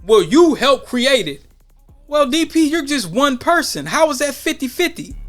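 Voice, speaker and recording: Heated American podcast host, high-pitched, repeats points forcefully. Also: male voice, very animated, moderate pace, faint music behind. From United States. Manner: emphatic, argumentative, repeats for stress.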